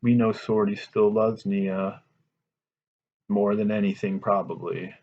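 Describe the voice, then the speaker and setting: A man with a slightly low voice reads a story aloud to a class and keeps stopping to talk it over. His manner is casual and conversational, and he checks in with his listeners. The recording sounds muffled and lo-fi. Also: little pitch movement, takes it slowly, a little mellow. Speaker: teacher. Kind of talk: reading a story aloud with commentary.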